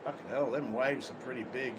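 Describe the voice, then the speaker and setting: A man's voice: mid-range voice, fairly even intonation, brisk. Crude, swearing Australian man outdoors. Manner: crude, blunt, swears constantly. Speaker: livestream host. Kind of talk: casual unfiltered livestream chat. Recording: outdoor street noise with traffic.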